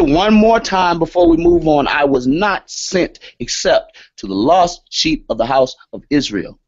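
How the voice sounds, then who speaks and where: A man lecturing on scripture in a sermon style, emphatic and repeating his key statements. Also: on the high side. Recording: dull lo-fi audio.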